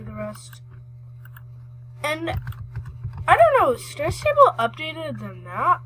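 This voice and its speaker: A woman giving chatty, excitable commentary while playing a horse game, rambling and restarting her sentences. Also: sits high, rough recording. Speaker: gaming vlogger.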